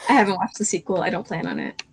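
A young woman co-hosting a casual podcast, rambling through animated retellings full of restarts. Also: on the low side, quick pace, creaky, rough recording. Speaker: podcast co-host. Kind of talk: casual chat. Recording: faint background noise.

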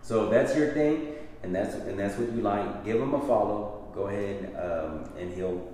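A man's voice: on the low side, lively intonation, normal speed, warm tone. A man hosting a casual chat, laid-back and swearing freely. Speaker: podcast host. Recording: very echoey room, faint noise.

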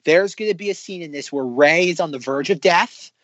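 A man co-hosting a casual podcast, talking in long excited run-on predictions with many restarts. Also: on the high side, brisk, no room sound, highs cut off. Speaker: podcast co-host.

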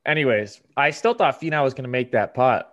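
An easygoing man co-hosting a casual sports podcast. His voice sits at a middle pitch, and he drags out his retelling, building each beat. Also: fairly quick, fairly bright tone, highs cut off. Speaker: podcast co-host. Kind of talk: casual chat.

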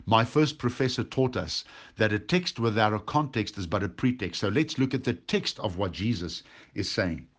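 Male pastor, lowish voice, preaching a Bible study, slow emphatic stresses on key words. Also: lively intonation.

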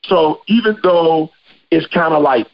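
A man hosting a podcast in casual chat, a slangy, animated storyteller. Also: fairly high pitch, a little slow, vocal fry, dull audio. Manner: slangy, animated storyteller who acts out quotes. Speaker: podcast host.

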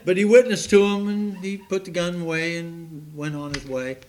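A man's voice: sits high, steady tone, normal speed, darkish tone. A man preaching a sermon in a folksy, joking way, laughing at his own puns and stories.

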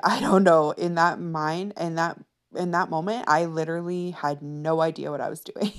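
A young woman with a low, gravelly voice tells a personal story on her podcast. She talks slowly and candidly, with lots of fillers. The sound is close and dry. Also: dry recording. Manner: candid, chatty, many fillers. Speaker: podcast host.

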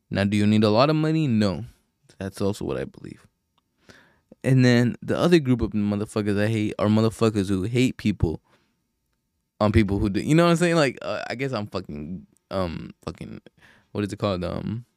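Low-voiced young man ranting casually. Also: darkish tone, no echo, clean studio sound. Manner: rambling, profane, frequent sighs and fillers. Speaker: podcast host. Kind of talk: casual solo podcast rant.

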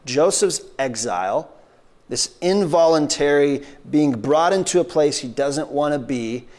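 A man preaching a sermon as pastor, conversational, with frequent restarts and quick acted-out voices for biblical characters. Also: a little high.

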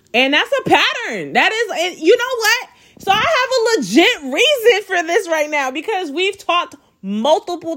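A woman's voice: high voice, a bit bright. A young adult woman hosting a podcast, telling a dating story in a casual, slangy way and laughing often. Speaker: podcast host.

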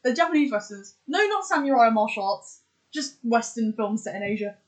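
Her voice is on the high side, sing-song and brisk, captured in low-quality audio. In a relaxed podcast conversation, this co-host rattles off examples chattily, full of fillers and false starts.

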